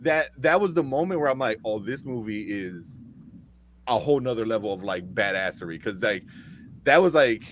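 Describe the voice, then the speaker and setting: A man's voice: fairly low pitch, normal speed, a little hiss or hum. A man co-hosting a live movie review show, talking casually with lots of swearing and acting out scenes he enjoyed. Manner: animated, swearing, acts out scenes.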